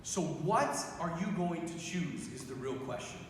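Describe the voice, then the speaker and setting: Man preaching in a booming echoey hall. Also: a little slow, a little hiss or hum. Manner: animated storytelling with quoted voices. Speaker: priest. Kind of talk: youth talk. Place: large school gym.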